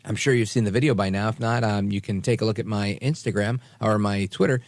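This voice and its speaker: A man's voice: lowish voice, fast talker, dry recording. A man hosting a talk radio show, talking sarcastically and mocking the people he quotes. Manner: sarcastic, animated, mocks quoted voices.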